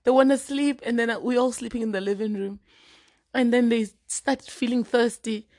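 A podcast co-host, this woman is animated in casual chat, telling stories and acting out the voices she quotes. She speaks at a moderate pace with a fairly high pitch.

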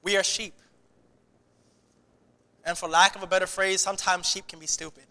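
Guy preaching, high bright voice, big echoey church, lots of restarts. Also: moderate pace. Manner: animated preaching with many restarts. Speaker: pastor. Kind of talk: sermon.

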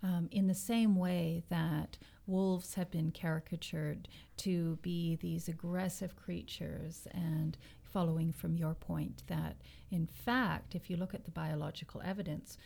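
Woman, co-host, slight vocal fry, measured and explanatory, casual academic talk. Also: on the low side, fairly even intonation, mellow.

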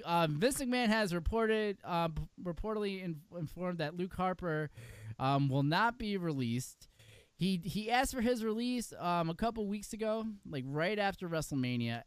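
A man's voice: high voice, clear, resonant tone, dry recording. A man co-hosting a podcast in casual chat, talking in a rambling way with many fillers and laughs. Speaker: podcast co-host.

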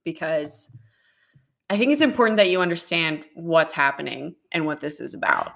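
A young woman chats playfully as a podcast host, her pitch swinging widely. She sits on the floor at home, and the home-made audio is a little rough. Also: big pitch swings, normal speed, a bit bright. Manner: giggly, playful, chatty. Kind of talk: casual chat. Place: sitting on the floor in a house.

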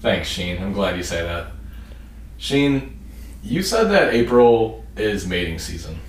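A man's voice: big pitch swings, slow pace, faint music behind. Wry man hosting a podcast, roomy sound. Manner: low-key, wry, laughing. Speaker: podcast host. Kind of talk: casual chat. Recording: echoey room with background noise.

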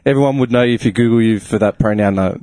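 A man's voice: fairly low pitch, rapid-fire, mellow, no room sound. A man hosting a podcast in casual chat, laughing often, swearing and rambling through restarts. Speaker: podcast host. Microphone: studio mic.

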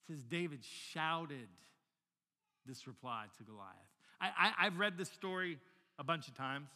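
A man's voice: fairly high pitch, measured pace, pushed and bright, big-room sound. A pastor in his forties, telling stories animatedly in a sermon and often repeating words as he restarts a sentence. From Northern Virginia, United States.

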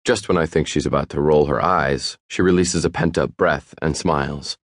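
A man narrating a first-person audiobook in a wry, even storytelling manner. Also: a bass voice, moderate pace, no room sound, studio quality.

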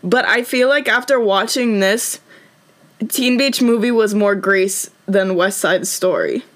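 A woman in casual conversation, reviewing a movie as a podcast co-host, chatty and quick to laugh. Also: medium pitch. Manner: chatty, laughs often, trails off.

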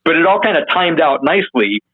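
Guest, male, higher voice, tells stories with lots of swearing and acted-out quotes; thin phone-line sound. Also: brisk. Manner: animated, profane, acts out quotes in a higher voice. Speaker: interview guest. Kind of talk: casual storytelling.

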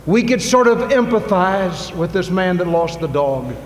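A fervent male preacher in a church, his voice pitched a little high. He drops to near-hushed asides and then climbs to loud, pleading appeals. Long hall reverb and a faint wash of ambience sit behind him. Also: lively intonation, a little slow, a little hiss or hum. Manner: swings from soft and intimate to loud fervent shouting. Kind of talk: sermon. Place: church sanctuary.

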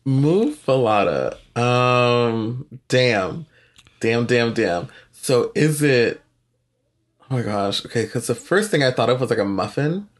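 A man's voice: medium pitch, animated, slow pace. A man co-hosting a casual chat, asking curious questions with lots of hesitant fillers. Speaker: podcast co-host.

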